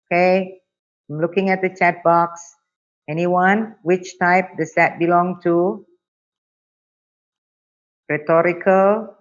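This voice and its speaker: A woman's voice: fairly low pitch, fairly even intonation, takes it slowly, long pauses. A woman with an Indonesian accent teaching an online test-prep class, often checking in with "okay?". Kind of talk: online webinar lesson. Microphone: computer mic on a video call. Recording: dull lo-fi webinar audio.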